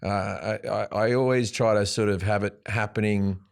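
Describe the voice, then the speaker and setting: A man's voice: lowish voice, fairly even intonation, moderate pace, creaky, clean tone. A male comedian with an Australian accent, telling loose, rambling anecdotes with frequent restarts while a guest in a podcast studio. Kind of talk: casual interview chat.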